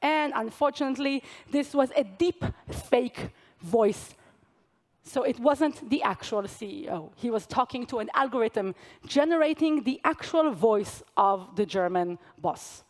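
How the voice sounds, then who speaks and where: A young woman delivers a conference keynote in a fairly high voice. She keeps it conversational, throwing jokes and asides to the audience between her points. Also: lively intonation, unhurried. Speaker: keynote speaker. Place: large conference hall stage.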